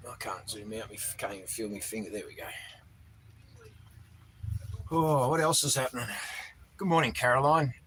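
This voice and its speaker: A man's voice: mid-range voice, moderate pace, long pauses, fairly bright tone, slight background noise, rough recording. A man hosting a casual livestream, reading out viewers' names and greeting them as he goes. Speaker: livestream host. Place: outdoors in the cold.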